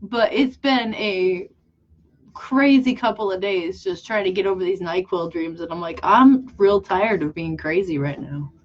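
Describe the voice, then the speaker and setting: While working on a drawing, a young vlogger and artist talks to her viewers a little slowly in a middling pitch. She meanders, jokes at her own expense, and keeps breaking off to restart, with a slightly teary sound. The lo-fi audio is a bit muffled.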